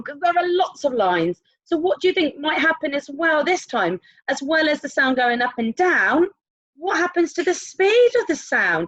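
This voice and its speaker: Lively encouraging woman teacher. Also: high-pitched, no echo, dull audio. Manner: animated, encouraging, sing-song questions. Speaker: primary school teacher. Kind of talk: online music lesson for young children.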